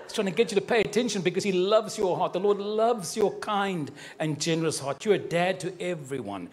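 A man with a fairly high voice gives a live prophetic sermon, speaking directly and warmly to individuals in the congregation with fervor, humor, and laughter. Slight background noise can be heard.

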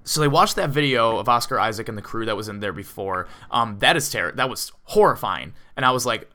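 A man in casual conversation about a film, talking in a rambling way with constant "like" and "um" fillers. His voice is bright and forceful, at an ordinary pitch for a man. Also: animated, fast, few pauses. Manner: rambling, filler-heavy, lots of "like" and "um". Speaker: podcast co-host. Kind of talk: casual movie discussion.

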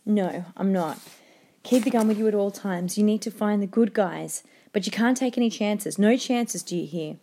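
A woman reading the lines of a dying father who gently urges his son on, while she reads a novel aloud to a class. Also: medium pitch, moderate pace, close to an everyday voice. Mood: tender. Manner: quiet, gentle and insistent.

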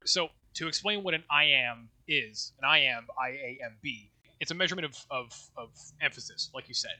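A man's voice: mid-range voice, normal speed, sharp tone. A man co-hosting a casual talk about poetry, loose and rambling with restarts and a bit of swearing. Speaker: podcast co-host.

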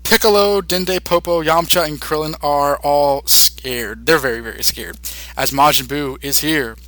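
Bright-voiced young man rambling a recap. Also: on the high side, unhurried, dry recording. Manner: rambling retelling with many fillers. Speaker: podcast host. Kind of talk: casual episode recap.

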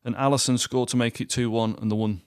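A young man hosts a laid-back podcast chat, ribbing his co-host and laughing often. His voice sits at an average pitch and sounds close and dry, with no room around it. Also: steady tone, quick pace, darkish tone, clear, resonant tone, dry recording. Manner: teasing, laughing, swearing. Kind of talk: casual banter.

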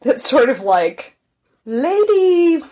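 A woman's voice: medium pitch, expressive, unhurried, slightly rough. A woman co-hosting a podcast, chatting casually and telling a history story with frequent laughs. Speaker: podcast co-host. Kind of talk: casual chat.

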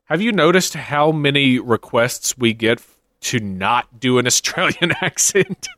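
A man's voice: mid-range voice, animated, unhurried, fairly bright tone, dry recording. A man co-hosting a casual podcast, reading sighting reports with dry joking asides. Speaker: podcast co-host.

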